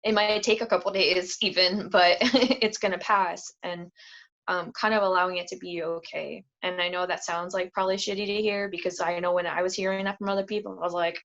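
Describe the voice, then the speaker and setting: A woman's voice: lowish voice, fairly even intonation, fairly quick, fairly bright tone. A woman speaking as a podcast guest in a candid, casual way. She talks earnestly, uses "like" a lot, and acts out quotes in a livelier voice. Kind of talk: candid casual interview talk. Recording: dull lo-fi podcast audio.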